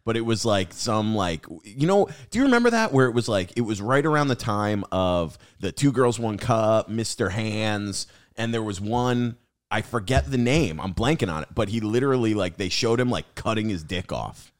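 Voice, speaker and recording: A man co-hosting a podcast who chats excitably in a casual way and keeps saying "dude". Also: on the low side, normal speed. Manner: excitable, says "dude" a lot. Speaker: podcast co-host. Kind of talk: casual chat.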